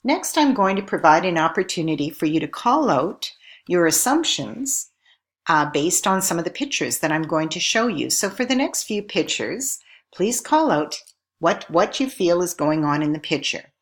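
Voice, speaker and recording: A woman with a low voice narrates a recorded lesson. She speaks clearly and at a measured pace, posing question after question to her viewers as an instructor. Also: big pitch swings.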